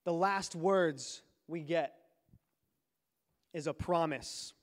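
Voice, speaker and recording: A man's voice: fairly high pitch, extremely slow. A man preaching a sermon, telling a personal story in a conversational way before building to a fervent exhortation. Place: large church hall. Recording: reverberant church hall.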